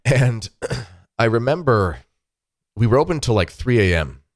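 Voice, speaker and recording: A man, hosting a show and telling rambling, animated anecdotes in a casual chat from his desk at home. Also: mid-range voice, measured pace, dry recording, clean studio sound. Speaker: podcast host. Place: home desk with weightlifting equipment behind.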